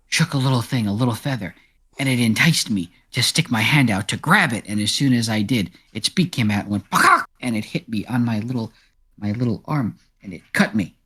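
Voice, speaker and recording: A man voicing a proud, chatty male cat who guides the party and tells dramatic stories in a high, excitable voice. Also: slightly rough. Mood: storytelling. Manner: high excitable voice, gasps and exaggerated chicken noises.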